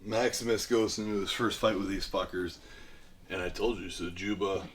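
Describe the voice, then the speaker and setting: A man with a somewhat low voice tells a film's story as a loose, profane comedy bit. He rambles and sometimes bursts into loud acted-out lines. Faint background hum sits behind him. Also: fairly even intonation, moderate pace. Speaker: podcast guest retelling a film. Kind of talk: profane comedic movie recap.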